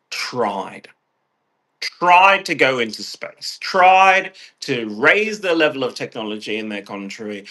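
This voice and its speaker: A man's voice: a little high, sharp tone. A man with a stuffed-up nose, rambling and ranting in a casual vlog, swearing freely and restarting his phrases. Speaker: vlogger.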